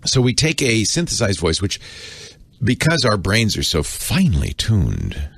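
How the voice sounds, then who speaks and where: Deep, gravelly, animated middle-aged man. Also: measured pace, no echo. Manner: chatty, self-correcting, laughing asides. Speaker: podcast co-host. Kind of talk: casual explaining chat.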